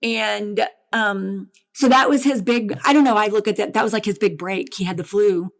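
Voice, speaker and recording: Halting, emotional middle-aged woman. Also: medium pitch. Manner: halting and emotional, with restarts and repetition. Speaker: bereaved mother guest. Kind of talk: personal storytelling in a podcast interview.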